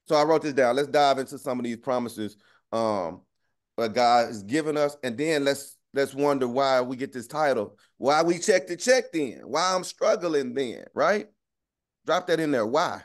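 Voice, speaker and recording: A young man preaching a relaxed, slangy sermon, often laughing and checking in with his listeners. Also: mid-range voice, measured pace. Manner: conversational, keeps asking "right?". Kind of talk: casual street-talk sermon.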